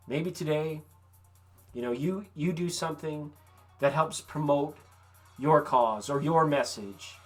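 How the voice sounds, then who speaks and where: Laid-back tarot host chatting live. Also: medium pitch. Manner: relaxed, folksy and encouraging, with casual swearing. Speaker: tarot reader hosting a live stream. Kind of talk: casual live-stream chat with viewers. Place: vacation rental.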